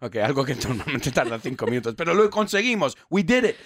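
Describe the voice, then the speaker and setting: A man hosting a radio show in casual bilingual chat, telling stories animatedly and acting out quotes. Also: rapid-fire. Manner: animated storytelling, acting out quotes with big pitch jumps. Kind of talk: casual bilingual chat, switching between English and Spanish. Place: radio studio.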